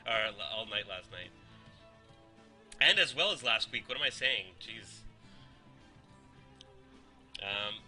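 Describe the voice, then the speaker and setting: A man's voice: mid-range voice, pushed and bright, poor audio. A man casting a live strategy game tournament in a casual, joking way, laughing often. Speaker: esports caster.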